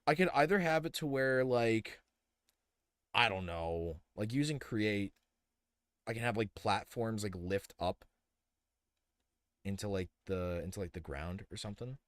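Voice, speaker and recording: A man's voice: lowish voice, a little slow, pauses often, no room sound. Rambling young man streaming, dry close mic. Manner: rambling, thinks aloud with many fillers and restarts. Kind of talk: casual live-stream commentary while building.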